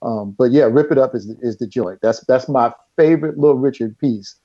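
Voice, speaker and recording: A middle-aged man, a guest in a casual chat, telling stories in an animated way and often laughing. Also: medium pitch, a little fast, highs cut off.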